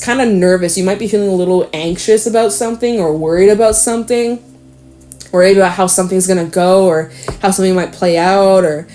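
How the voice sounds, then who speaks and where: A woman's voice: lowish voice, darkish tone, slight background noise. A woman casually reading tarot cards, chatty and rambling, swearing freely and laughing often. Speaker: tarot reader.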